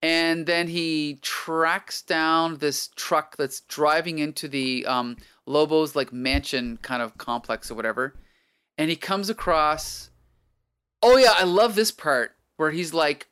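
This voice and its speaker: A man's voice: on the high side, slow pace, pushed and bright, clean tone. A man hosting a casual chat recapping a comic book, rambling with many fillers and chuckles. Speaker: podcast host.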